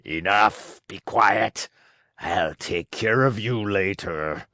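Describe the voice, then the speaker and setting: A monstrous storybook theater master, voiced by a man narrator, rumbling slow and very low like an ogre with a cold. The voice has a hard, bright bite to it. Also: no room sound, clean studio sound. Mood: menacing. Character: huge fearsome male puppet theater director, ogre-like.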